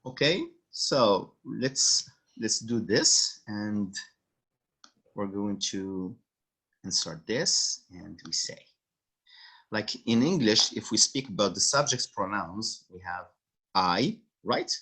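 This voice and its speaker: A man teaching French over a video call, with a husky voice and a lively, rising and falling pitch. He speaks slowly and repeats each phrase with patience. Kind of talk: online language lesson.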